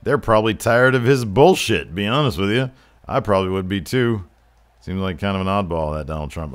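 Casting: low-voiced guy, mock announcer calling game wrestling, crude jokes. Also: brisk. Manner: jokey, profane, mock-announcer hype. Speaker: gameplay commentator. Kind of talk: mock wrestling play-by-play over gameplay.

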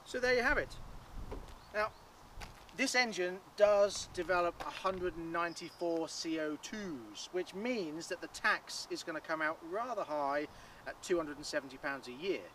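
A man's voice: a little high, normal speed. A man presenting a light-hearted car review vlog, outdoors by the cars and behind the wheel. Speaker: car reviewer, show host. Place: outdoors by cars and inside a car while driving. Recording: distant mic with loud outdoor and road noise. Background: traffic and car noise.

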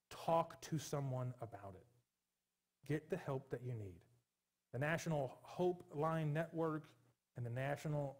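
A man in his forties preaching a sermon as pastor in a church, earnest and pleading, with bursts of animated humor. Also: medium pitch. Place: church sanctuary.

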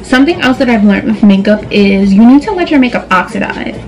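A young New York woman, a beauty vlogger, chats casually through a makeup tutorial at her vanity indoors, sassy and direct, calling viewers "girl" and "boo." Her voice sits on the high side, expressive, fairly quick and a little mellow, on a rough recording.

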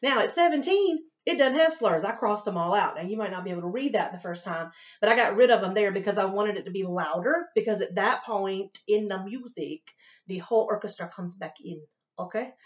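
A woman teaches violin, patiently and encouragingly talking her students through tricky passages of a piece and often checking in with "okay?". Her medium-pitched voice is animated and brisk, and the home recording sounds dull, with violin playing heard.

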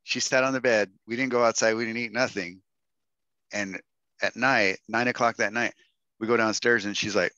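Middle-aged man, storyteller speaker; low, bright voice, animated quotes; dry, muffled call audio. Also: brisk, no echo. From Texas. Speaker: guest speaker. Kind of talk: storytelling talk to a workshop audience.

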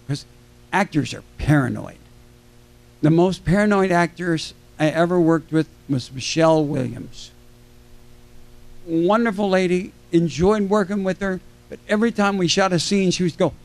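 An older man with a notably high voice tells loose, jokey stories from a convention panel stage. He keeps breaking off mid-sentence and circling back. Now and then he acts out the people he quotes. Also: a little fast, vocal fry. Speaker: celebrity panel guest. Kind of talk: rambling anecdotal storytelling.

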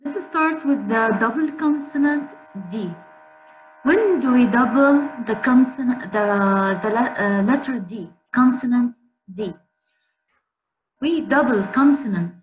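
A woman teacher giving a slow spelling lesson to children, repeating words so pupils can say them after her. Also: on the high side. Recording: echoey room with faint hum.

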